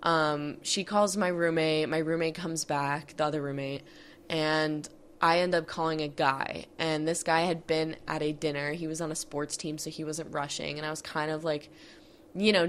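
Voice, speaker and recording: A woman's voice: low-pitched, a little hiss or hum. A young woman podcast host candidly recounting a personal college story, with many fillers and some swearing.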